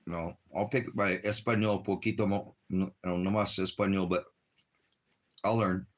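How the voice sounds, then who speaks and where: A man's voice: deep voice, steady tone, moderate pace. A man, talking casually and rambling to his viewers on a livestream. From Los Angeles, United States. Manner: rambling, chatty, talks straight to viewers. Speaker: ministry livestreamer.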